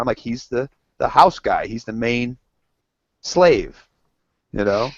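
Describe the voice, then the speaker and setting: A man's voice: mid-range voice, very animated, moderate pace, dry recording. Guy on a podcast rambling thru a story, swears a lot, dull lo-fi sound, dry mic. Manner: rambling storyteller, swears freely, acts out quotes. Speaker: co-host. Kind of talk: casual banter among friends.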